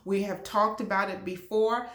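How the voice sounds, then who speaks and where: A woman's voice: mid-range voice, fairly even intonation, normal speed, a bit bright, echoey room. A woman speaking as an HR and diversity leader, talking to camera in a passionate, emphatic rant. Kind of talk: direct-to-camera talk.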